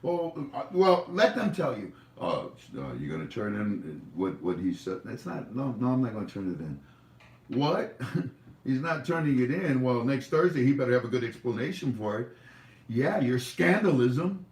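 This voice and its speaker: With a mid-range, slightly mellow voice and big pitch swings, a man hosts a livestream at a moderate pace. His commentary is rambling, casual and jokey, picked up in an echoey room far from the mic.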